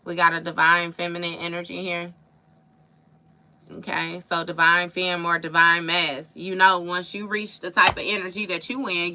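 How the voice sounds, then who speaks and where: Bright-voiced woman giving a casual tarot reading. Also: on the low side. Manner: casual, emphatic, slangy, addresses viewers directly. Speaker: tarot reader.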